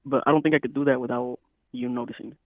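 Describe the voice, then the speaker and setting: Male co-host, gravelly voice, relaxed explainer, thin phone-like recording. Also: medium pitch, fast, dry recording. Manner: checks if he is understood, laid-back. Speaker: podcast co-host. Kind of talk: casual chat.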